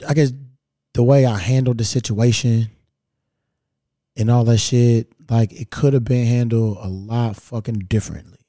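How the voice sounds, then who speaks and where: A man's voice: medium pitch, fairly even intonation, moderate pace, warm tone, no echo, studio quality. A man from Kentucky hosting a podcast, telling a story in a blunt, profane, rambling way. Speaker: podcast host. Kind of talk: casual storytelling monologue.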